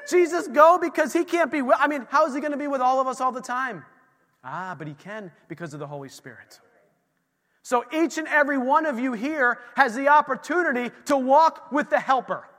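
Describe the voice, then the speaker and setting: A man's voice: very high-pitched, expressive, brisk, bright, forceful tone. A middle-aged man preaching a sermon to a church congregation. He talks in a loose, conversational way and acts out little scenes of dialogue. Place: church sanctuary. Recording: long hall reverb.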